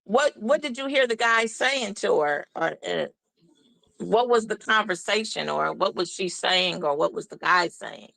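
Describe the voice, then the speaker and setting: A woman's voice: mid-range voice, animated, unhurried, gravelly, a bit bright, no room sound, low-quality recording. A woman interviewing a man on the street, rephrasing her questions several times.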